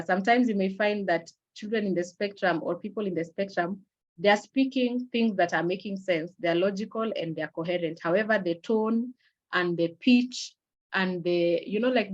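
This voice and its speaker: A middle-aged woman giving an online awareness lecture in a measured, explanatory way, pausing often on fillers and restarting her sentences. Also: medium pitch, muffled recording. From Kenya. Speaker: webinar presenter. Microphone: video call.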